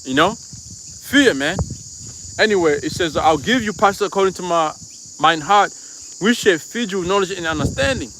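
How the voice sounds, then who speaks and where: A man with a high, bright, ringing voice preaches over a live stream. He talks loosely and profanely, full of asides to the listener, and faint crickets chirp outdoors behind him. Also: lively intonation, normal speed, pauses often, a little hiss or hum. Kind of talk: live-stream sermon with personal storytelling.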